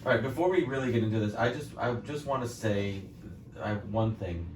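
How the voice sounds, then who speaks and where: Low-voiced man teasing in an echoey room. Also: brisk. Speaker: podcast co-host. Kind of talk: casual podcast chat. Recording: echoey room, mic at a distance, faint noise.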